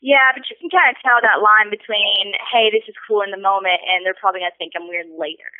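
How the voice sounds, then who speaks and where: Fast-talking woman caller on a phone line. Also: mid-range voice, dry recording. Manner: excitable, swears freely, intense storyteller. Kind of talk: casual call-in chat. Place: on a phone call.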